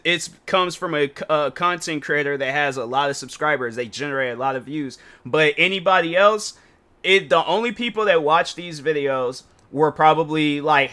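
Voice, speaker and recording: A man's voice: a little high, pushed and bright. A man giving casual reaction commentary as a YouTuber, exasperated and rambling, with slang and many restarts.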